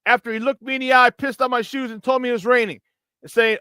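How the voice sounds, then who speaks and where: Male sports talk host, high-pitched, dry studio mic, angry rant with mocking asides. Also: level tone, quick pace, sharp tone, clean tone, dry recording. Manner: frustrated, profane, mocking impressions.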